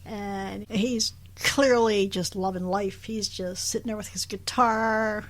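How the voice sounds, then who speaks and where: A woman's voice: medium pitch, steady tone, takes it slowly. A woman co-hosting a podcast, recapping a show in casual chat, laughing often and acting out the characters' lines. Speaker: podcast co-host.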